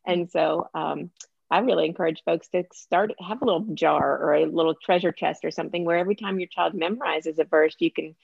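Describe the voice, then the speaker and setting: A woman's voice: fairly low pitch, a little fast, gravelly, slightly rough, dry recording, dull audio. A woman author being interviewed, telling stories in a chatty, conversational way and laughing often. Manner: warm storytelling, laughs often. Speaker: author guest.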